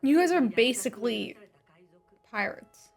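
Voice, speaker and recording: A higher-pitched woman chats slowly and playfully, laughing easily as she reacts. She teases what she watches and talks straight back at the screen. It is loose, unscripted reaction chat. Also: lively intonation, vocal fry, husky, faint music behind. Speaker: co-host of an anime reaction show.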